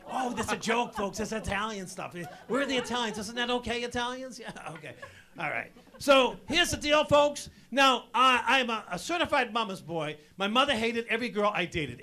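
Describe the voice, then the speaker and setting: A man doing stand-up comedy on stage, loud and punchy, talking to the crowd as folks. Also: sits high. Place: stage before a live audience.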